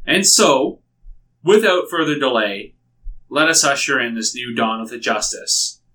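A man's voice: mid-range voice, animated, a little slow, sharp tone, recorded from a distance, low-quality recording. A man voicing a proud scheming queen addressing a crowd in a grand, declaiming speech. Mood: grandly solemn.

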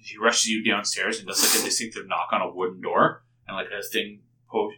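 Low, bright-voiced man running a game. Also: steady tone, fairly quick, a little hiss or hum. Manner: loose, conversational narration with fillers. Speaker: game master and podcast host. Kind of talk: narrating a tabletop game.

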